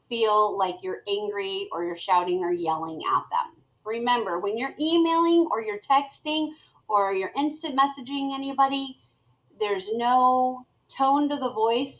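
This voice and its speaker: A middle-aged woman teacher walks her students through a tutorial at an unhurried, deliberate pace. She speaks at a medium pitch and explains each step as she types it. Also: poor audio. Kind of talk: screen-recorded classroom tutorial.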